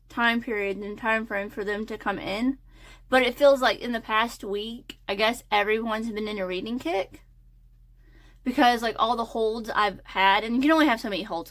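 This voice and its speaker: A woman's voice: fairly high pitch, a bit bright. A young woman talking in a casual, hesitant ramble full of fillers while getting ready. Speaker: crochet and design vlogger.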